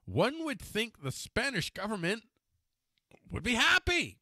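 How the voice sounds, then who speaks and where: A man's voice: sits high, wildly swooping pitch, a little slow, bright, forceful tone, no echo, studio quality. A man giving casual, wry political commentary, sarcastic and laughing at his own jabs, stumbling over names and correcting himself.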